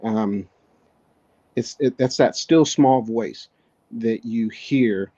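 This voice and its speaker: A man talks slowly and thoughtfully as a podcast guest, circling back and restarting his sentences as he works through an idea. His voice is mellow and dark, set at an ordinary pitch. The recording sounds dull and lo-fi. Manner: halting, reflective, frequent restarts. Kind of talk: casual conversation.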